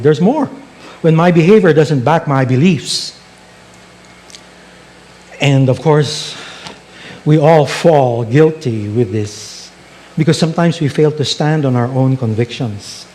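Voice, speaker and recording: A man's voice: medium pitch, expressive, slow pace, pauses often, darkish tone. A male pastor preaching a sermon, telling stories and asking rhetorical questions.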